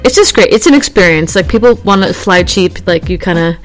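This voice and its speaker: A woman's voice: on the low side, fairly quick, faint music behind. Chatty woman vlogger, casual and rambling. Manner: chatty, rambling, laughs easily, animated when acting out scenes. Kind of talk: casual chat.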